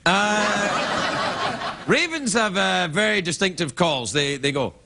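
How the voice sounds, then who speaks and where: A Scottish man in his fifties, a late-night talk show host rambling through a self-mocking comedy monologue, breaking into loud squawking impressions. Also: high voice, animated, takes it slowly, vocal fry, very noisy. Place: TV studio with live audience.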